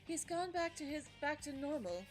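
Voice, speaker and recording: A woman's voice: high-pitched, lively intonation, moderate pace, faint music behind. A woman streamer reading a game's story text aloud, stumbling and correcting herself, with asides. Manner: reads story text with frequent slips and self-corrections. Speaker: let's play streamer.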